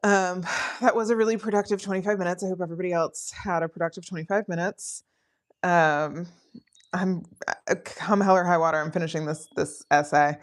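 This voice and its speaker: A woman's voice: on the low side, fairly even intonation, fairly quick. A woman chatting casually on a live study stream, rambling with frequent ums and laughing often. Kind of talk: casual livestream chat.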